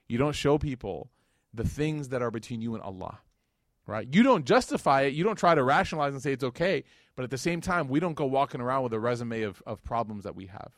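A man in his thirties gives a religious lecture in an ordinary mid-range voice, recorded close and dry. He tells a story with lively acted-out quotes and often turns to ask his listeners questions. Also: mid-range voice, fast, no room sound. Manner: animated storyteller, acts out quoted speakers, addresses audience directly.

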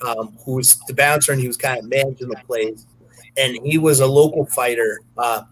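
A man's voice: mid-range voice, a bit bright, a little hiss or hum, rough recording. A man, a podcast guest, telling a long, rambling anecdote full of fillers and restarts.

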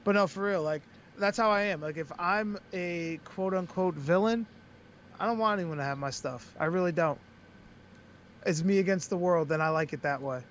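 Young man, from Western Massachusetts, joking, animated, higher-pitched, faint background noise. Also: moderate pace, lo-fi sound. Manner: joking, animated, mocking impressions. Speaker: podcast guest, wrestler. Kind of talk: casual chat.

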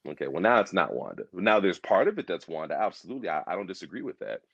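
Man, low voice, animated rambling chat, dry dull recording. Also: quick pace, creaky, slightly rough, no echo. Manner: animated, rambling, repeats himself, acts out quotes. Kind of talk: casual pop culture discussion.

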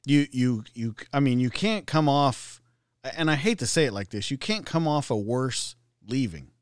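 A man's voice: mid-range voice, lively intonation, moderate pace, clean tone, no echo, studio quality. A man hosting a casual interview, asking loose, rambling questions. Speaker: podcast host.

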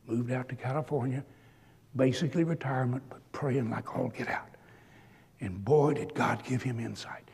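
A man's voice: mid-range voice, darkish tone, husky. A man preaching a sermon, telling stories and building to emphatic exhortation. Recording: long hall reverb.

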